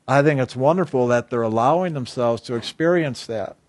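A man's voice: medium pitch, a little fast, a little mellow, no echo. A man giving an earnest inspirational talk on a spiritual theme, often asking his listeners questions. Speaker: spiritual speaker.

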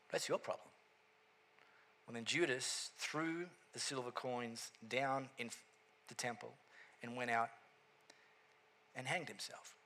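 Bright-voiced man preaching a lively sermon. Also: mid-range voice. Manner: animated storytelling, repeated catchphrases, playful asides. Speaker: pastor.

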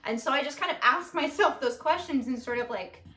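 Animated young woman, roomy distant sound. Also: sits high, fairly quick. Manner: animated, lots of fillers, playful. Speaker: podcast co-host. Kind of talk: casual conversation.

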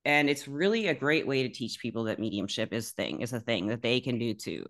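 A woman's voice: a bass voice, lively intonation, brisk, fairly bright tone. A woman from Alabama with a Southern accent, a podcast host chatting casually, rambling and laughing often. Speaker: podcast host, tarot reader. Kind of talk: casual interview chat.

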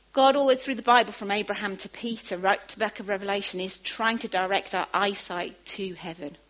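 A woman preaching a sermon, moving from quiet asides to emphatic, rising bursts. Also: medium pitch, brisk, hardly any pauses, rough recording.

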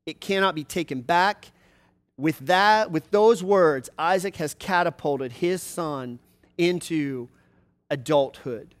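A man preaching a sermon, retelling a story with conversational, explanatory asides. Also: a little high.

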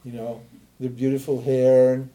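A man's voice: medium pitch, level tone, moderate pace, mellow. An older man from Montana, giving an emphatic teaching talk and answering his own rhetorical questions. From Montana, USA. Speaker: spiritual teacher.

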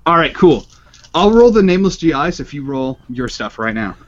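Guy game-mastering a tabletop game, slightly high voice, chatty, dull lo-fi sound. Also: very animated, normal speed. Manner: chatty, laughs while describing. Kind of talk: running a tabletop game, casual. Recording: dull lo-fi podcast audio.

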